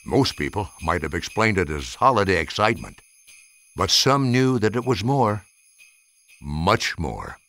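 A man in his eighties reading a storybook aloud with an expressive, sweeping delivery. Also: sits low, a little slow. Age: 80s. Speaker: narrator.

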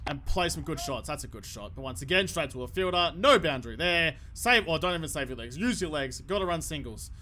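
A man commentating his own gameplay, swearing and ranting excitably at the game. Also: on the high side, a little fast, hardly any pauses, a little hiss or hum. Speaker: gaming YouTuber.

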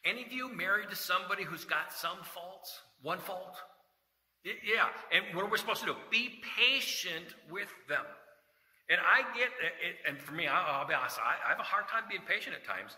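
Pastor, middle-aged man, bright tense voice, slightly higher pitched, folksy sermon in a reverberant sanctuary. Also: lively intonation, normal speed. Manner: folksy, jokes and asides, scripture quotes. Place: church sanctuary. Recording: echoey church hall reverb.

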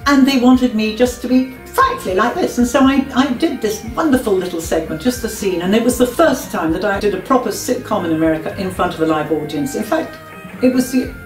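A woman's voice: medium pitch, a little mellow. A woman with an English accent, an actress recalling her comedy roles in a chatty, theatrical way. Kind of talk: casual career recollection. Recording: roomy, from a distance.

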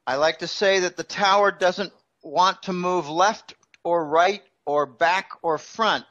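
A man's voice: high voice, slow pace, fairly bright tone, muffled recording. A man as a guest financial analyst, explaining markets in a conversational interview with everyday analogies.

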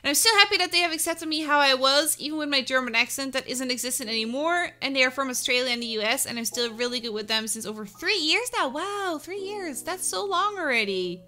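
Woman streamer, animated, sharp bright tone; upbeat, answers viewers by name. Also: high-pitched, fairly quick, hardly any pauses. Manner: upbeat, laughs often, answers chat by name. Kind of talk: casual chat with live viewers.

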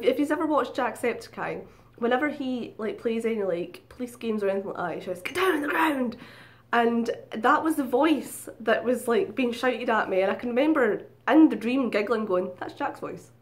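A woman's voice: a little high, moderate pace. A woman telling a story in a casual vlog, chatty, swearing freely and giggling at herself. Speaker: vlogger.

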